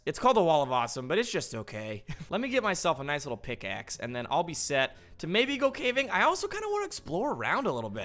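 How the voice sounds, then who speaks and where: A man with a high, lively voice that swoops up and down as he plays, a little hoarse from screaming. He gives playful, jokey gameplay commentary and chats to the creatures he meets. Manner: playful, jokey, chatting to in-game animals. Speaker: gaming host.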